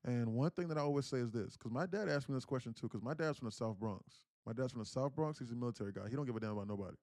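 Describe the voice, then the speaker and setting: A man's voice: medium pitch, very fast, no room sound, studio quality. A young man, hosting a day trading livestream and telling a personal story in casual, slangy speech with lots of fillers. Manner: emotional storyteller, acts out quoted pleas loudly.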